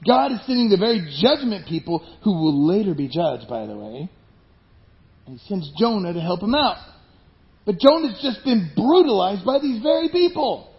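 Animated high-voiced male preacher. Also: moderate pace, highs cut off. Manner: animated, acts out voices of people in stories. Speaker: pastor. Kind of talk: sermon.

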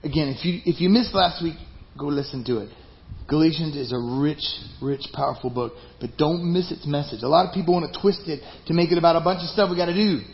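A man preaching a sermon to his congregation, talking conversationally, with some passages loud and emphatic and others dropped to a hushed aside. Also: on the high side, fast. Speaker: pastor. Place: church sanctuary. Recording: roomy, slightly dull live church recording with faint ambience.

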